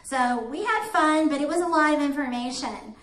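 Woman presenting to teachers, high voice, lively and chatty, in an echoey room with faint noise. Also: moderate pace. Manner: chatty, animated storyteller with playful asides. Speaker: grant coordinator presenting to teachers.

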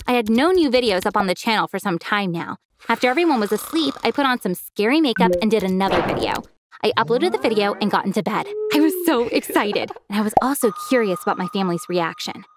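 A woman narrating a first-person animated story as a teenage girl, expressive and lively in delivery. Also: medium pitch, quick pace, background noise. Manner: expressive, acts out a teenage girl's feelings.

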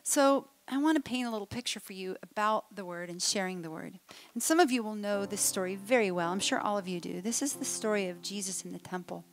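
A woman's voice: medium pitch, a little fast. A woman speaker telling a humorous story to a live audience, acting out voices as she goes. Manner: animated, humorous, acts out voices. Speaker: conference speaker.

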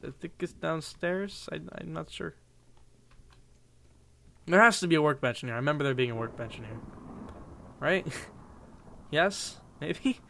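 A man's voice: a little high, a bit bright, no room sound. A young man commenting casually on his own gameplay, rambling and joking with viewers in a goofy mood. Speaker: gaming channel host. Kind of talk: playing a game with live commentary.

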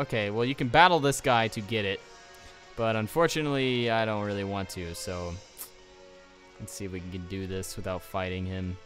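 A man's voice: medium pitch, moderate pace, fairly bright tone, soft background music. A young man giving casual let's play commentary, exasperated and ranting at the game, with a sniffly nose.

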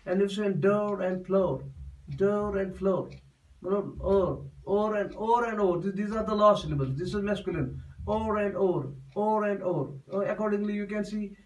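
A man's voice: high-pitched, normal speed, a little mellow, recorded from a distance, rough recording. A man giving a classroom poetry lesson, explaining step by step and repeating himself often. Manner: repetitive, explains step by step with many restarts. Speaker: teacher.

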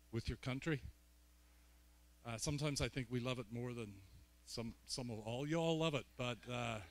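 A man from Northern Ireland with a Belfast accent, a guest preacher giving a sermon with joking, self-mocking asides. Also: medium pitch. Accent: Northern Irish, Belfast.

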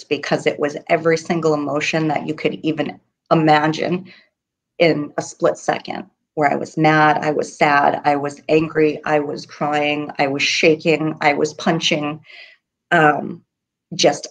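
A middle-aged woman with a low, deep voice speaks haltingly in an interview, pausing often. She is a grieving mother whose voice breaks now and then as she talks. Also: level tone. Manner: halting, many ums, voice breaking with grief. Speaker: guest, mother of a murder victim. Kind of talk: emotional interview.

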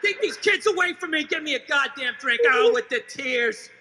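A man doing a stand-up comedy routine, ranting in an animated way and swearing a lot. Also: very high voice, normal speed, very noisy.

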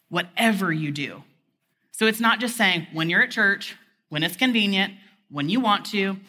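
Bright-voiced woman preaching in a hall. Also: lowish voice. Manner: candid, chatty, fills talk with "like". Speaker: conference speaker. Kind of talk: conversational sermon. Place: conference hall stage. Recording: long reverb of a large hall.

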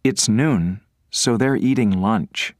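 A man's voice: lowish voice, slow, no room sound, studio quality. A man giving plain, careful answers in a grammar drill for an English course.

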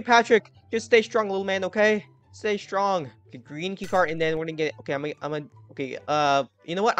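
A man giving live gameplay commentary, excitably yelling at his teammates and swinging from muttering to shouting. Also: fairly high pitch. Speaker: gaming channel host.

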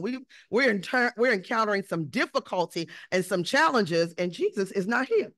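A woman pastor giving a sermon in a relaxed, conversational way, often acting out quoted voices. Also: on the high side, a little fast, hardly any pauses, no echo, studio quality. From United States. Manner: conversational preaching with acted-out quotes of disciples.

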